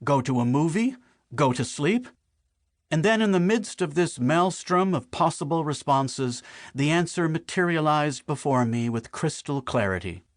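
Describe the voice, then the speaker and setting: A man narrating an audiobook in the first person with wry, deadpan humor on a close studio mic. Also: fairly high pitch, moderate pace, no room sound.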